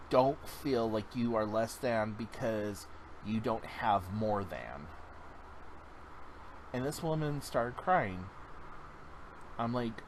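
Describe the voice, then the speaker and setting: A man's voice: medium pitch, noisy background. A man vlogging a casual check-in, talking in an earnest, encouraging way that drifts into tangents.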